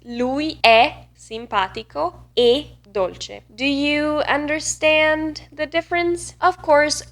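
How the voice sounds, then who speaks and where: A woman with an Italian accent teaches pronunciation in a slightly high voice. She speaks slowly and deliberately, drawing out each sound so learners can hear it. Her delivery is patient and clear, the manner of a teacher guiding students. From northeast Italy. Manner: slow, careful, demonstrates sounds with exaggeration. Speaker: language teacher. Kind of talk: online pronunciation lesson.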